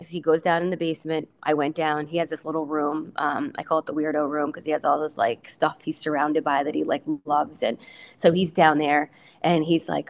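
A woman's voice: low-pitched, fairly even intonation, fairly quick. A middle-aged woman, a guest on an interview podcast, talking casually in a rambling way with many fillers and restarts. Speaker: guest, coach's wife.

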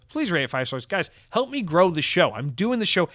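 A man's voice: high-pitched, big pitch swings, fairly quick, a bit bright, no echo, studio quality. A man hosting his own podcast, talking alone in a casual, rambling way, sarcastic and goofy with a lot of swearing. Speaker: podcast host. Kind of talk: casual solo podcast monologue.

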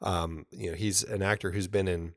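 Low-voiced chatty podcast co-host man. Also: fairly even intonation, moderate pace, no room sound, clean studio sound. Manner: enthusiastic, chatty, many fillers and restarts. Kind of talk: casual chat.

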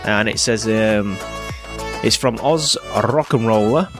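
A man's voice: lowish voice, slow, music in the background. A man with a Northern English accent co-hosting a podcast in casual, rambling chat. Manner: rambling, chatty, with fillers and restarts. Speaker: podcast co-host.

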